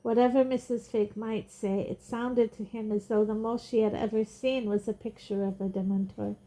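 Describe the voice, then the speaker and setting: A woman reading a novel aloud in a steady narrating voice. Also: fairly high pitch, normal speed. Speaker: audiobook reader. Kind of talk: storybook narration.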